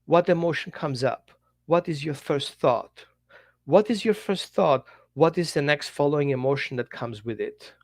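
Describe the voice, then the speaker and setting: Brief: male dog trainer, animated to-camera lesson, higher-pitched voice, dry close sound, slightly non-native English phrasing. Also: normal speed, no echo. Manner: animated, talks straight to the viewer, acts out little quotes. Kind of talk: direct-to-camera teaching talk.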